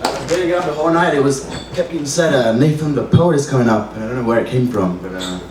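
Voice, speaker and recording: A man's voice: medium pitch, fast. A man reading comic poems at an open mic, hesitant with many fillers between verses. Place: bar open mic room. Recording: roomy, distant mic, faint noise.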